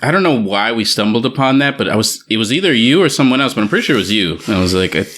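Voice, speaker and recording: A man's voice: on the low side, animated, fast, fairly bright tone. A man co-hosting a podcast in casual chat over a remote call, agreeable and reflective, laughing along. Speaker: podcast co-host.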